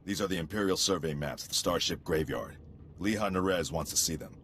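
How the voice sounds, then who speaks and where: A man's voice: sits low, a little fast, fairly bright tone, slight background noise. A man voicing a stern army sergeant in a video game, giving curt commands. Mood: commanding. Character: stern male army sergeant, squad leader.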